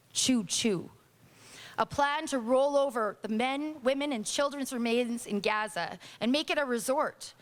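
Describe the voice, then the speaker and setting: A woman's voice: on the high side, a bit bright. A Canadian woman reading her own protest poem to a live audience in a small lounge, with impassioned, indignant declamation. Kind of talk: spoken-word poetry reading.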